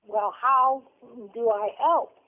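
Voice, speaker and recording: Older woman, slow, on the phone. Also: a little high. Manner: short, plain answers. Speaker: interviewee, host's grandmother. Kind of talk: casual chat. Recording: tinny phone line.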